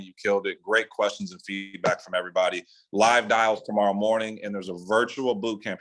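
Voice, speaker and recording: A man from California hosts a team training call and delivers a laid-back motivational talk. He speaks loosely and profanely, full of filler slang, and his voice climbs sharply whenever he drives a point home. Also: poor audio. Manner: animated, rising pitch for emphasis. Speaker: sales team leader hosting a training call. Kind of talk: casual motivational pep talk.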